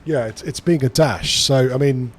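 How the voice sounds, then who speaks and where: A man's voice: mid-range voice, normal speed, breathy edge, faint music behind. A man streaming a strategy game who talks through his moves in rambling, casual commentary and swears freely.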